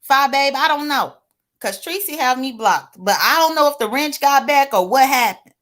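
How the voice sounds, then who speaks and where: A woman's voice: sits high, lively intonation, moderate pace, fairly bright tone. A woman giving casual, sassy gossip commentary to her viewers, chatty and exclamatory. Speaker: online drama commentator.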